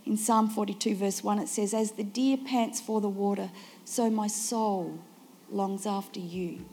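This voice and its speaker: A woman's voice: medium pitch, normal speed, darkish tone, long reverb tail. A woman pastor preaching a sermon in an earnest, reflective way, with some fillers.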